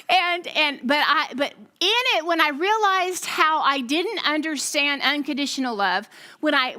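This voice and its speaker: In a high voice, a woman pastor shares her testimony from the pulpit with her congregation, animatedly telling the story and acting out the voices she quotes.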